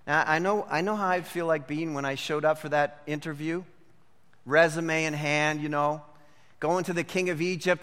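A male pastor preaching with a high, bright voice. His emphatic sermon rings with a long reverb through a large hall. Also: moderate pace.

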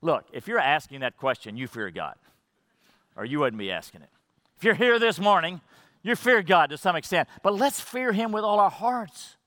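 Male pastor, sermon delivery, fairly high and bright voice, dry close sound, shifts from fervent to hushed, repeats for emphasis. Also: sing-song, moderate pace, no room sound. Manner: swings from fervent rising emphasis to hushed low drops.

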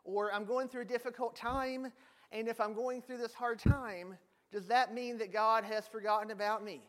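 High-voiced male pastor, casual storytelling sermon delivery. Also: fairly even intonation, moderate pace, a bit bright. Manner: storytelling, joking with the congregation.

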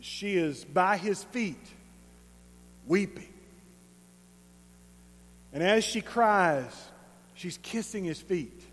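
A high-voiced preacher with an East Texas accent delivers his sermon. He is conversational and emphatic, telling the story in an animated way. His voice carries with a long reverb through a big hall. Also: very slow, long pauses, soft background music. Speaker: pastor.

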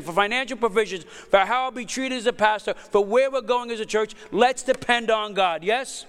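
Energetic preaching man in his fifties. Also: high-pitched, moderate pace, hardly any pauses, clean tone, big-room sound. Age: 50s. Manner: energetic, conversational preaching with asides and laughter. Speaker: pastor. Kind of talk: sermon. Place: church hall.

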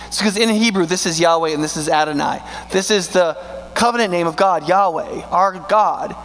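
Emphatic and fairly bright, this high, gravelly-voiced pastor poses rhetorical questions and lingers on key words to give them weight. His sermon echoes with long reverb in a big church sanctuary over a faint electrical hum.

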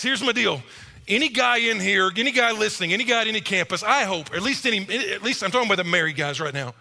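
A middle-aged male pastor preaching a sermon in a church, animated and acting out quick quoted voices. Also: high voice, gravelly. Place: church auditorium. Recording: reverberant church hall.

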